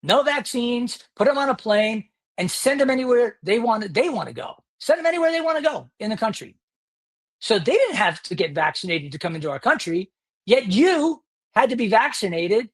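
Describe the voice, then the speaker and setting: A man's voice: very high voice, big pitch swings, normal speed, fairly bright tone. A man hosting his own podcast, delivering an indignant, sarcastic solo rant. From United States. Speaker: podcast host.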